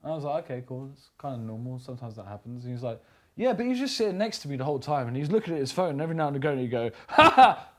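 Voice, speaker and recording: A man's voice: mid-range voice, expressive, very fast, darkish tone. A man hosting a casual chat, telling a rambling story and swearing casually. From England. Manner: rambling, swears casually, laughs at own stories.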